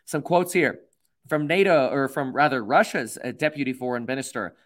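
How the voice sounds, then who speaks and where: A man's voice: mid-range voice, moderate pace. A man commenting on news articles as he reads them aloud, rambling with many fillers and restarts. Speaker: finance commentator.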